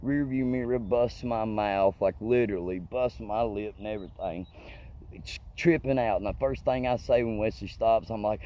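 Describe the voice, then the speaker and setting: A man's voice: fairly low pitch, normal speed, darkish tone. A man telling a story in a rambling, profane, colloquial way. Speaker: comedic storyteller. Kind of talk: casual storytelling monologue.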